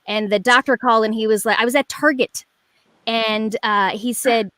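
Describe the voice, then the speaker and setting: A woman in her forties, on as a guest, tells a long story over a video call. She rambles and restarts, full of fillers and lively asides. Her voice sits a bit high, and the sound is dry and close. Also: normal speed, no echo. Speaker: guest performer. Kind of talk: casual chat.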